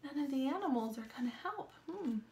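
A woman leading a children's story time with sign language, reading aloud in an animated, sing-song manner and asking the children questions, from a small room. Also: high-pitched, a little fast. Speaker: children's librarian.

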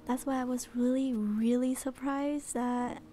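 A female livestreamer chatting in whispered role-play, soft and bubbly, at home at night. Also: high-pitched, fairly even intonation, measured pace, slight background noise.

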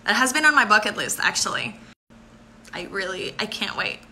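Girl in her 20s doing a live chat with fans, super bright voice, gushing and grateful, slight background hiss. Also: mid-range voice, very animated. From Puerto Rico. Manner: bubbly and effusive, quick to thank and laugh. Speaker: beauty pageant contestant. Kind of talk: live stream answering viewer comments.

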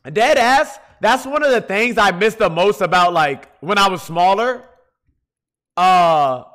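A man's voice: high voice, fairly bright tone. A man streaming a game, tipsy from drinking and talking to his chat in a rowdy, profane way. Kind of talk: casual gaming livestream chat.

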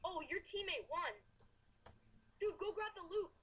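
A woman's voice: extremely high pitch, animated, measured pace, fairly bright tone. A young woman co-playing a video game, chatting, laughing and calling out the action. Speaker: co-player. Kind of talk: casual gameplay commentary.

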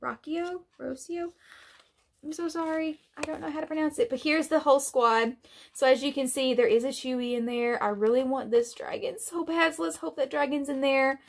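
A woman's voice: high voice, fairly even intonation, fairly quick. A woman vlogger chatting casually through an unboxing, gushing and laughing often.

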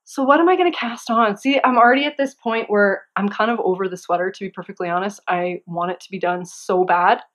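Fairly quick and with few pauses, a medium-pitched young adult woman runs a knitting podcast from home. She talks informally to the camera, giggling and slipping in excitable asides.

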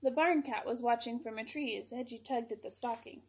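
Breathy high-voiced woman reading aloud. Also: a little fast, few pauses. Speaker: children's librarian reading aloud. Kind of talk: picture-book read-aloud.

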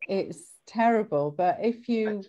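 A woman attending a rabbi's class, putting her questions earnestly and haltingly, searching for words. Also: mid-range voice, dark tone, highs cut off. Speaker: class participant.

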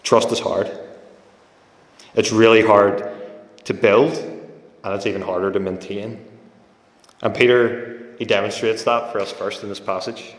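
Speaking at a measured pace with long pauses, a low-voiced male preacher delivers his sermon conversationally and easily, weaving in anecdotes and acting out what others said. Long reverb fills the echoey church hall around him.

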